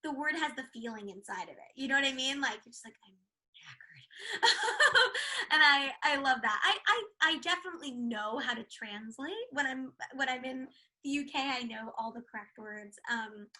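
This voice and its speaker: A woman's voice: high voice, sharp tone, low-quality recording. A young American woman in a casual interview, telling stories in a bubbly, rambling way with lots of "like" fillers. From United States. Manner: bubbly, fast-rambling storyteller with frequent laughs and filler likes. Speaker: actress, interview guest.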